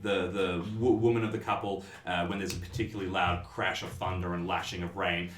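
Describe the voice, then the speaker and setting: A man narrating a tabletop horror game as game master, relaxed and descriptive, with frequent fillers. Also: sits low, a little fast, hardly any pauses. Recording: roomy echo.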